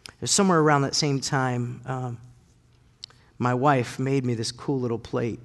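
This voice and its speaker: A man in his thirties preaching a sermon and telling personal stories, lively and animated, his voice rising and getting loud when excited. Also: mid-range voice, normal speed, big-room sound. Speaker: pastor.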